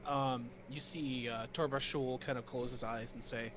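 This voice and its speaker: A man's voice: medium pitch, fairly even intonation, normal speed, few pauses, over music. A man narrating as game master in a casual way, with many fillers. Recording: noisy home mic.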